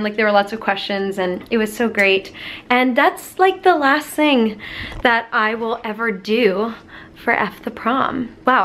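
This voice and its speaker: A woman's voice: mid-range voice, gravelly, fairly bright tone, a little hiss or hum. A young woman in her twenties chatting casually to camera in a daily vlog, upbeat and talkative. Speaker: vlogger.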